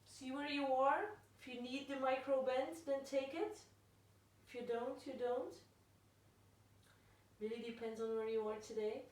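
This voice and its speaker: A woman leading a live yoga class, calmly cueing breaths and poses. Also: high voice, a little slow, pauses often. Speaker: yoga instructor. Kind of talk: guided yoga class instruction. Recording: very echoey room, voice from far off.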